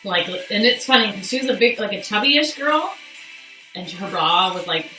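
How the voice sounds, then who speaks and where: Bright woman telling a story. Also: medium pitch, lively intonation, normal speed, distant mic. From Canada. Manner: candid, profane, chatty with viewers. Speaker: livestream host. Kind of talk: casual storytelling. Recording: echoey room, off mic, faint music.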